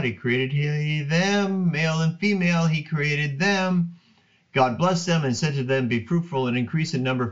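A man's voice: medium pitch, dull audio. A man teaching the Bible in a casual, earnest talk, reading verses aloud. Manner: earnest and animated, reads scripture aloud.

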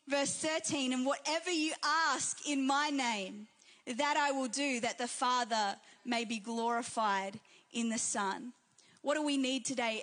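A woman's voice: high voice, a bit bright. A woman preaching a fervent sermon in a church, building repeated phrases with rising intensity. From Australia and New Zealand. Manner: fervent, repetitive preaching cadence.

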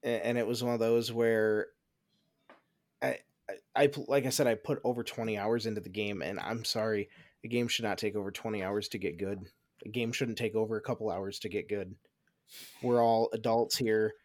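A man's voice: on the low side, fairly even intonation, normal speed, no room sound, studio quality. A man, a guest on a gaming podcast, giving blunt, profane opinions. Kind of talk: casual chat.

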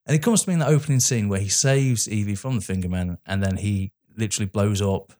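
A man's voice: lowish voice, fast, a little mellow. A man in his thirties with an English accent, co-hosting a podcast and ranting animatedly about a film in casual chat, laughing often. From England. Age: 30s. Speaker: podcast co-host.

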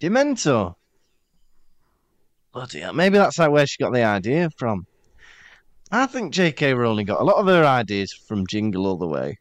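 A man's voice: mid-range voice, moderate pace, pauses often, no room sound. A Welsh man co-hosting a podcast, chatting casually and telling jokey stories. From Wales. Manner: joking, animated storytelling. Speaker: podcast co-host. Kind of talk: casual chat.

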